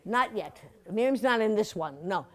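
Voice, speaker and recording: A woman's voice: medium pitch, expressive, normal speed, a bit bright. A woman in her seventies giving a chatty, playful slide-show talk to a museum audience, full of asides and laughter. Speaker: guest speaker at a museum talk.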